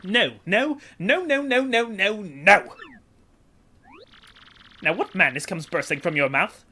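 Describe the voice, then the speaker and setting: A woman's voice: mid-range voice, lively intonation, slow pace, bright, forceful tone, slightly rough, heavily acted. A woman voicing a flamboyant, vain, wealthy male sea trader for a game playthrough, speaking in grand theatrical exclamations. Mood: excited. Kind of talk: voicing game dialogue for a let's play.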